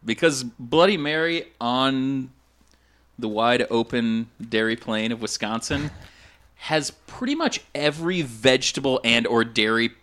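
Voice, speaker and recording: Man from Minnesota, jokey rambling podcast chat, mid-pitched voice. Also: a little slow, fairly bright tone. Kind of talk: casual chat.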